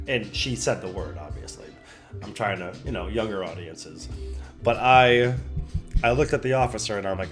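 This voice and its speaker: A young man streaming from home, casually telling a story and acting out the other people's voices with big pitch jumps. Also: normal speed. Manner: animated, acts out quotes with pitch jumps. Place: home room. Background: soft background music.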